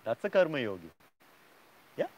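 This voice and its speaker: A man's voice: medium pitch, sing-song, normal speed, a little mellow, lo-fi sound. A man teaching a yoga class, lecturing students emphatically and often checking in with "yeah?".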